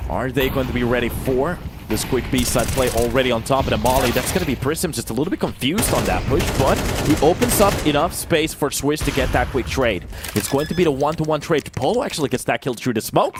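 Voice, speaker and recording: A young man giving live play-by-play commentary on an esports match, swinging from calm analysis to loud bursts of excitement. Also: background noise. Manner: calm analysis that jumps to loud, high-pitched excitement on big plays. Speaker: esports caster.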